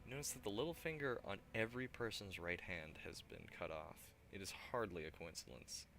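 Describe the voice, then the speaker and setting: A man streaming a role-playing game, reading the narration and his character's lines aloud in a steady, plain way, with casual asides. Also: low voice, fairly quick, vocal fry, slight background noise.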